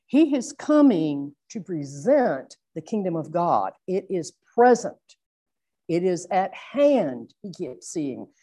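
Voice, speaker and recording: A middle-aged woman preaching a sermon, earnest and reflective, slowing down to stress her points. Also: on the low side, big pitch swings, dark tone. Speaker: Bible teacher.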